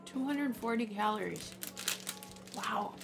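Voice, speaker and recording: Chatty Minnesotan woman, gravelly edge. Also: medium pitch, lively intonation, slow, over music. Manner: chatty, laughs often. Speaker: musician guest. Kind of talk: casual chat.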